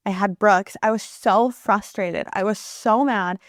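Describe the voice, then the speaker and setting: A woman in her thirties hosting a reflective solo podcast, speaking earnestly and warmly about her life with gentle laughs. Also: mid-range voice, steady tone, unhurried, no echo, clean studio sound. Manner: earnest and heartfelt, with soft laughs. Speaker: podcast host.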